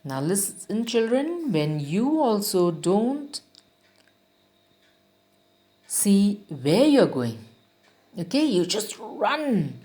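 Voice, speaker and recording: A woman teacher reads a children's rhyme aloud and then talks it through, line by line. She speaks very slowly and with a lively, sing-song rise and fall, pausing to explain each word for little pupils. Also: mid-range voice. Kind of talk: reciting and explaining a children's poem.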